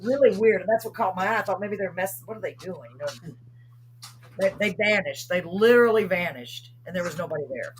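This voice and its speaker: Animated woman host telling a ghost story. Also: medium pitch, fairly quick, a little hiss or hum. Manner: animated storyteller, acts out her own past words. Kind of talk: casual chat, telling ghost stories.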